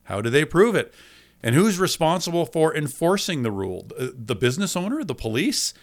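A man's voice: on the high side, big pitch swings, brisk. A man hosting a local podcast, chatty and wry, his voice slightly muffled by a mask as he narrates and asks questions. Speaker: podcast host.

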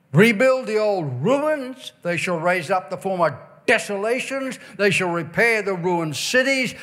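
A man preaching a revival sermon, stretching key words, breaking into shouts and a sing-song cadence while reading scripture. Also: high voice. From Ireland. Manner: emphatic, drawn-out stresses, bursts of shouting and sing-song phrasing.

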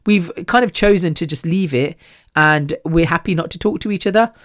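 A podcast host rambles through a casual monologue with a chatty, self-deprecating manner. The voice sits at a middle pitch, and the recording is close and dry, with no room around it. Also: normal speed, a bit bright, dry recording.

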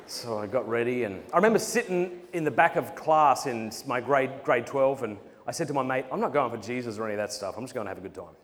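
A man's voice: medium pitch, fast, hardly any pauses. A young Australian man telling funny stories to a conference audience, acting out quotes as he goes. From South Australia. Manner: animated storytelling with acted-out quotes and laughs. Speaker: speaker. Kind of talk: humorous talk to a conference audience. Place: large conference hall. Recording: hall reverb with faint noise.

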